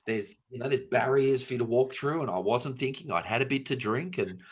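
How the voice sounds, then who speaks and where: A man's voice: mid-range voice, brisk, husky. A middle-aged Australian man, a podcast host, chatting casually and telling tall, jokey stories with the odd swear word. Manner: joking storyteller, swears casually. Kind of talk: casual chat.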